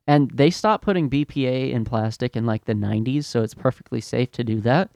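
A man's voice: mid-range voice, fairly quick, vocal fry, a little mellow, no echo. A young man hosting a podcast, ranting in a fed-up, profane, exasperated way about his retail job. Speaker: podcast host, retail worker.

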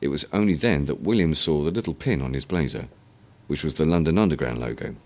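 A man narrating an audiobook in an expressive storytelling manner. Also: a bass voice, quick pace.

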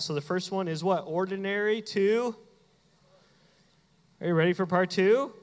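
A man preaching a sermon as pastor to his church, talking in a conversational, playful way and acting out quick asides. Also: high voice. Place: church sanctuary. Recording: hall reverb.

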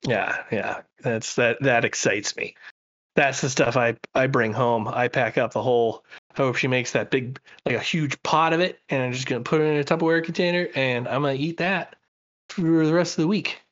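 Rambling, enthusiastic podcast host, muffled audio. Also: male voice, mid-range voice, normal speed, fairly bright tone. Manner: rambling, enthusiastic, many fillers and restarts. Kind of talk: casual podcast chat.

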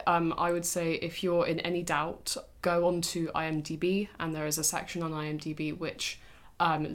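A young woman co-hosting a podcast, chatting and teasing with plenty of ums. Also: lowish voice. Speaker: podcast co-host. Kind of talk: casual chat.

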